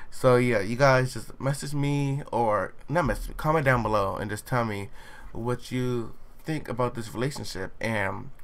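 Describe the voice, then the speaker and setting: A man's voice: mid-range voice, a bit bright, no room sound. A young man in his late teens giving sassy, chatty let's-play commentary with playful exclamations. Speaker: gaming channel host.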